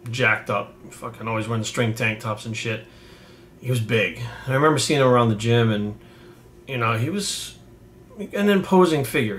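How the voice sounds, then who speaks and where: A man in his forties from New England tells a story to camera, swearing freely and stumbling through fillers. His voice sits at an ordinary middle pitch for a man. A faint hum of room noise runs under his speech. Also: fairly bright tone. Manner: profane, rambling, many fillers. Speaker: fitness coach.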